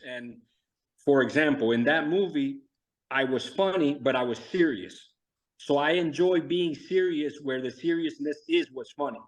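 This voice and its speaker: A man's voice: medium pitch, poor audio. A middle-aged man, a guest actor, talking earnestly and thoughtfully about his work in a casual interview over a video call. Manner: earnest, self-reflective, acts out quotes.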